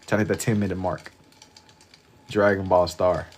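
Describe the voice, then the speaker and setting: A sleepy artist rambles on his livestream as he draws, speaking in a low-pitched, flat voice at a moderate pace. His talk drawls, drifts, is loaded with slang, and repeats a lot.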